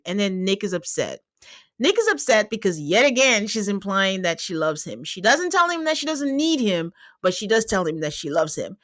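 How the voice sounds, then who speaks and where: A woman's voice: mid-range voice, moderate pace, no echo, clean studio sound. A woman hosting a podcast, recapping a reality show in casual chat, laughing and acting out what people said. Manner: animated, laughing, acting out quotes. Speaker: podcast host.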